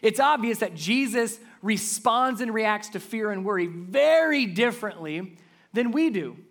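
A man preaching a sermon as pastor, earnest and building up to loud, emphatic passages. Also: high-pitched, expressive, measured pace.

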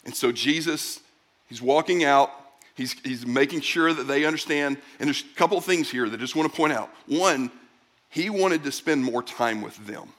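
A man's voice: medium pitch, moderate pace. A middle-aged man preaching a sermon, talking casually to the congregation and acting out little exchanges in other voices. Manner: conversational, animated preaching with acted-out voices. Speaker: pastor.

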